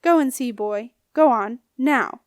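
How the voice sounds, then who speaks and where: A woman's voice: on the high side, moderate pace, dry recording, clean studio sound, lightly acted. A woman reading an audiobook, voicing a scornful, menacing old male ghost with a snappish, growling manner. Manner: sneering, bullying.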